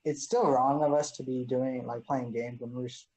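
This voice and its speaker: Husky-voiced teen guy, blunt, just chatting. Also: medium pitch, fairly even intonation, moderate pace, darkish tone, rough recording. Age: teens. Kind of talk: casual chat.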